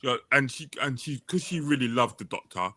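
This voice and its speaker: Man, casual podcast co-host, bright tone, rambles and acts out quotes. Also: medium pitch, animated, fairly quick, dry recording. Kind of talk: casual storytelling chat.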